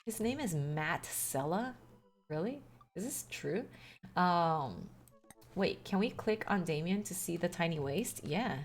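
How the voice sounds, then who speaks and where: Woman streamer, lowish lively voice, casual game commentary. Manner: chatty, reads game text aloud with wry asides.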